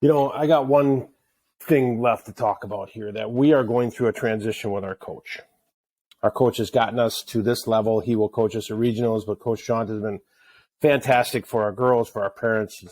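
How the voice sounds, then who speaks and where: A man's voice: on the low side, moderate pace. Joking middle-aged man from Wisconsin. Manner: joking, animated storyteller. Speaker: podcast co-host. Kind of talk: casual chat.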